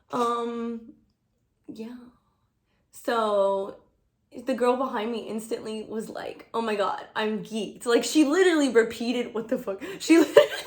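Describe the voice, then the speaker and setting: A woman vlogger chatting casually while getting ready, slangy and profane, laughing often. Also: a little high. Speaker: beauty vlogger. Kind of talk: casual get-ready-with-me chat.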